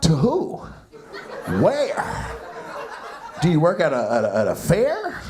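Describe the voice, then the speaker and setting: A man doing stand-up crowd work on a club stage, loud and mocking, swearing freely. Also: fairly high pitch, wildly swooping pitch, slow pace, background noise. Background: laughing audience.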